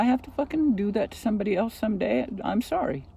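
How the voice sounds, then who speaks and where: A woman vlogs from inside a car, ranting and cursing nonstop in an agitated, casual way. She talks fast in a mid-range, husky, mellow voice with lively intonation and vocal fry.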